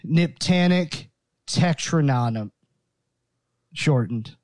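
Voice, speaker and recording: A man co-hosting a podcast in casual chat, relaxed and jokey, drawing out his words. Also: fairly high pitch, dry recording. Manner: relaxed, jokey, drawn-out delivery. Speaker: podcast co-host.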